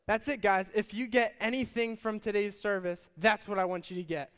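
Male pastor, high-pitched, chatty and energetic, live sermon with long hall reverb. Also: normal speed, hardly any pauses, smooth. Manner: energetic, conversational, addresses crowd as guys. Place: church service with stage and band.

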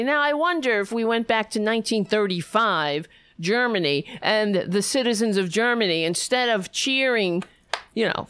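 A woman's voice: mid-range voice, a bit bright, no room sound. A woman giving an angry reaction commentary on a political clip, swearing and talking back with sarcastic asides.

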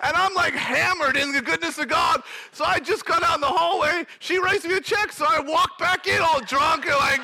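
A young man preaching, telling a personal testimony in an animated, storytelling manner that breaks into shouting. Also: very high-pitched, normal speed, creaky, few pauses. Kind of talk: sermon testimony.

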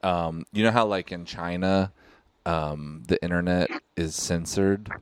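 A male podcast host in casual chat who jokes around and fires off quick questions. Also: deep voice, steady tone, clear, resonant tone, no room sound. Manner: joking, asks quick questions.

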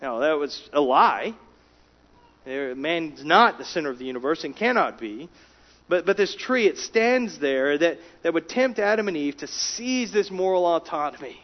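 A man preaching a sermon, emphatic, rising in volume for key words and dropping low and quiet between them. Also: expressive, normal speed. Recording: dull lo-fi sound.

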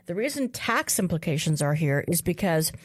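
A woman co-hosting a casual discussion, recounting a court case with frequent pauses and then posing questions to the others. Her voice sits on the low side and sounds dry and close. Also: very animated, no echo. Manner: recounts events with fillers and restarts, asks questions.

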